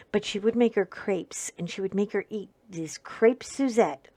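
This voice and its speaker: A woman hosting a craft video, telling a childhood story at home in an animated, wry way with sudden loud bursts. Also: medium pitch, moderate pace, hardly any pauses. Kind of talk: casual storytelling while crafting.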